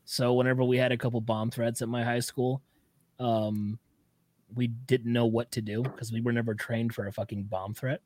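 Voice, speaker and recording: Young male host, mid-pitched, plain, casual, leads the talk. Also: little pitch movement, normal speed, a little mellow, dry recording. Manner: plain, asks the questions, steers the chat. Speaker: podcast host. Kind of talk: casual podcast banter.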